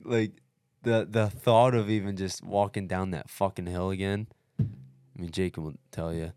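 A man's voice: deep voice, fairly even intonation, moderate pace, warm tone, smooth, no echo. A man telling a long race story in casual podcast chat, blunt and emphatic, swearing constantly. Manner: blunt, heavily profane, emphatic. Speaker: podcast co-host recounting a race.

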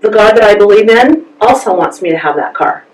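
A woman's voice: medium pitch, animated, fairly quick, darkish tone, a little hiss or hum. A woman, a guest on an interview podcast, telling a personal story with lots of energy and acting out both sides of the conversations. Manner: acts out both sides of conversations, laughs often. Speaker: interview guest, massage therapist. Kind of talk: animated storytelling. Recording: roomy sound from a distance.

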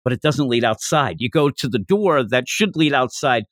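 A podcast host with a medium-pitched, fairly bright voice and lively intonation chats casually at a moderate pace, recapping a manga chapter and laughing as he acts out the characters' lines. The recording is dry with clean studio sound.

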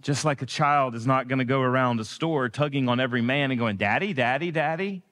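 A man preaching a sermon in a church, earnest and building to emphatic peaks, slowing down on key phrases. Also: mid-range voice, steady tone, a bit bright, in a large hall. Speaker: guest preacher. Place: church sanctuary.

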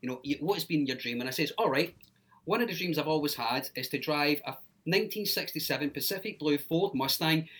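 A man, a former radio presenter telling stories loudly with laughter in a casual chat. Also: on the high side, a little fast. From England. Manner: loud, laughing storyteller.

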